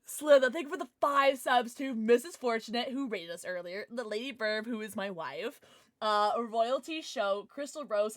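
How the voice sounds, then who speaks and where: Excitable young woman streamer, bright voice. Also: on the high side, moderate pace. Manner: excitable, jumpy, swears and shrieks when scared. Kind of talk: casual gaming livestream chat.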